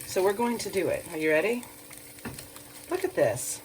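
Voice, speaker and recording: A woman's voice: medium pitch, very animated, moderate pace, long pauses, recorded from a distance, slight background noise. Chatty woman cooking in her kitchen. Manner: chatty, self-deprecating, talks to viewers directly. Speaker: cooking show host. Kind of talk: home cooking demonstration. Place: home kitchen.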